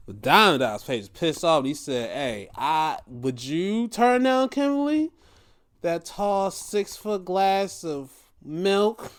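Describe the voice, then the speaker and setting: Slow, animated young man ranting. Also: high voice. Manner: animated, profane, exasperated rant. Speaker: podcast host. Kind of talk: casual ranting commentary.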